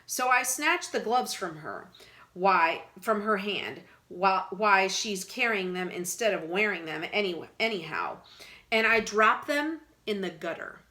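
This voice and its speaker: Lady teacher reading a chapter to her class, bouncy expressive voice, explains the big words. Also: medium pitch, a little slow. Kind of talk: reading a novel aloud to students.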